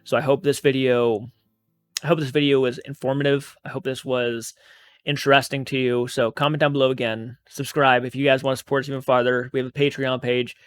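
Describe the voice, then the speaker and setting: A man's voice: medium pitch, flat delivery, a little fast, smooth. A man hosting his own channel, telling a paranormal experience in a casual, rambling, earnest way and swearing freely. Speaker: channel host.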